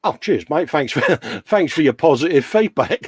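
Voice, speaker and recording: A chatty livestream co-host banters, yawns, and calls everyone mate during a casual chat. His fairly high voice is expressive, moving at normal speed with hardly any pauses, and there's slight background noise.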